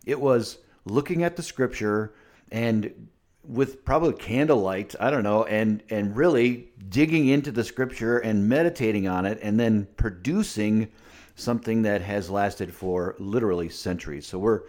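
A man's voice: on the low side, normal speed, a little mellow. A man co-hosting a podcast and teaching, speaking in a reflective, musing way. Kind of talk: casual podcast chat.

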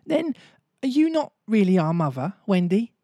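A man's voice: sits high, very animated, moderate pace, dark tone, no room sound, studio quality, voice pushed up, full character voice. A man reading a storybook aloud, voicing the youngest boy, sleepy and boastful, with an eager, wondering manner.

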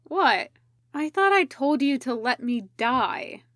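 A woman's voice: high-pitched, lively intonation, slow, a bit bright, no room sound, studio quality, exaggerated voice. A woman reading an irritable, exhausted male ninja patient who grumbles sarcastically. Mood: grumpy.

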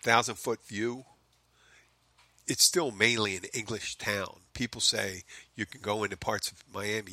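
Philly guy rambling on his comedy podcast, swearing a lot, bright voice, dry close sound. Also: lowish voice, fairly even intonation, unhurried, no echo. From Philadelphia. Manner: rambling, profane, self-mocking asides. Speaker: podcast host. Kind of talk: casual comedic monologue. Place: home in the Florida Keys.

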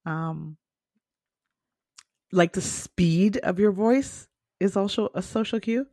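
A woman's voice: mid-range voice, slow pace, darkish tone, dry recording, clean studio sound. A young woman co-hosting a podcast in casual chat, talkative, laughing often and swearing casually. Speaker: podcast co-host.

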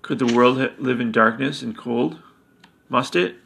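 A man reading as a wise village mother, very gravelly. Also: medium pitch, measured pace, a bit bright, full character voice. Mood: solemn.

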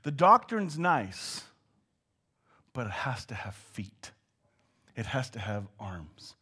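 Lively Canadian man preaching. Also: medium pitch, takes it slowly, slightly rough. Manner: animated and joking, dropping to hushed tones. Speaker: pastor. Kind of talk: sermon.

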